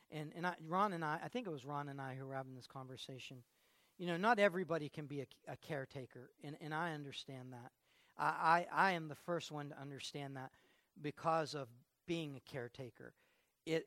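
A male pastor delivers a sermon in an easy, conversational manner and often restarts and repeats his words. His voice sits high for a man and sounds bright. The recording is dry and close. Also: no room sound. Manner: conversational preaching with frequent halting repeats.

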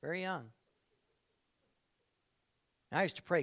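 A pastor delivers a sermon in a notably high male voice. He talks straight to his congregation, firing off rhetorical questions. He turns loud and drawn-out on key lines, then drops to a hush. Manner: animated, swings between loud and hushed.

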